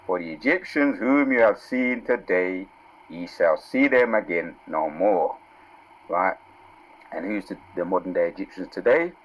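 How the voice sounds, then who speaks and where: A man teaching from scripture in a casual sermon, reading verses out slowly and with force, then dropping into low asides and asking "yeah?" and "right?". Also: lively intonation, low-quality recording. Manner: calls out "yeah?" and "right?" to listeners. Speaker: preacher.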